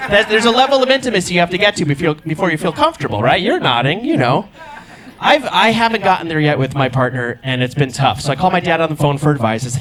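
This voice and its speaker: Young guy doing stand-up, bouncy high voice, loud crowd laughing. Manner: playful, chatty with the audience. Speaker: stand-up comedian. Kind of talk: musical stand-up with crowd work. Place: comedy club stage. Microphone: handheld stage mic. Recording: live club with audience.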